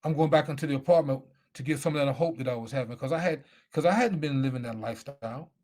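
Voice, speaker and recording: A man's voice: mid-range voice, quick pace, a little mellow. A middle-aged man, a former football player, telling his life story as a guest speaker, emphatic and repeating himself. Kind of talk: personal storytelling.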